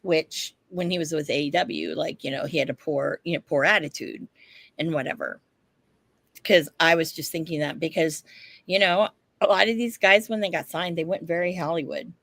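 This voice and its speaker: A woman co-hosting a podcast, telling a story in casual chat, animated, laughing often and swearing casually. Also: sits low, normal speed, vocal fry, no room sound. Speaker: podcast co-host.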